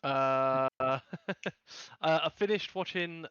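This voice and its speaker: Bright, crisp, teasing co-host. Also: male voice, fairly high pitch, slow pace, dry recording, highs cut off. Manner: chuckling, teasing. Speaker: podcast co-host. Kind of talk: casual chat.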